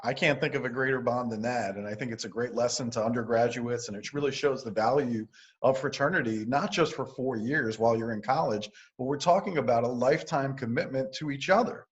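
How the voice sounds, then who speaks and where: A man's voice: medium pitch, brisk. Man hosting, dull lo-fi sound. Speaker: podcast host, interviewer. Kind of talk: interview chat.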